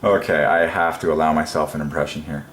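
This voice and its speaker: Deep-voiced man musing in an echoey room. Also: fairly even intonation, a little fast, a bit bright, a little hiss or hum. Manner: rambling and musing, many ums, chuckles to himself. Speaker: religious video presenter. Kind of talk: casual solo preaching monologue.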